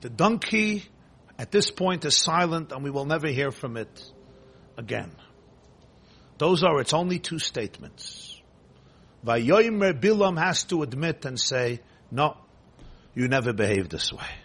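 A man's voice: on the high side, expressive, unhurried, long pauses, fairly bright tone, breathy edge. A man teaching a Torah class, retelling a scripture story emphatically, quoting the Hebrew and translating it line by line. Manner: emphatic, repetitive, quotes and translates Hebrew text.

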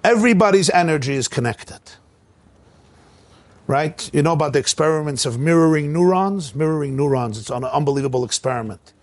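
A man, a rabbi, giving a sermon with animated storytelling in which he acts out the voices. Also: on the high side, fairly quick, dry recording. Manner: animated storytelling, acting out quotes.

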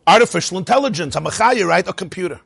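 A man teaching a lively Torah class, asking rhetorical questions and chuckling at his own points. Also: sits high, fast talker, gravelly, husky.

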